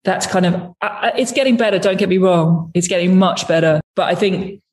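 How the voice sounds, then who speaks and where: A woman, a music video director, talking as an interview guest, lively and laughing often as she tells her stories. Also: lowish voice, a little fast. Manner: lively, laughs often, acts out quoted voices. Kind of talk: animated storytelling in conversation.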